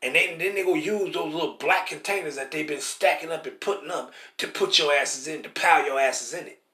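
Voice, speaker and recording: Man, high voice, emphatic street preacher who repeats himself and restarts sentences, roomy echo. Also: a little fast, pushed and bright. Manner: emphatic and repetitive, keeps asking "See?"; stammers and restarts while hunting for words. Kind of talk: street-style scripture teaching.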